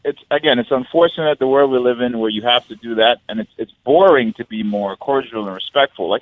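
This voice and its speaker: On a casual podcast, a man who is a guest fighter speaks a little fast with few pauses, in a medium-pitched voice. He's blunt and profane, performing other people's lines as he tells stories. The sound is thin and tinny.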